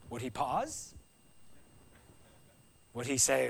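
A man preaching a conversational sermon, telling the story with animated delivery and wry asides. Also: mid-range voice, slow pace, creaky, pauses often, slight background noise.

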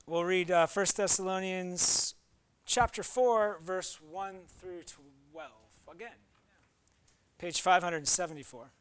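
Male pastor, high voice, animated conversational sermon style with playful asides. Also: takes it slowly, clear, resonant tone.

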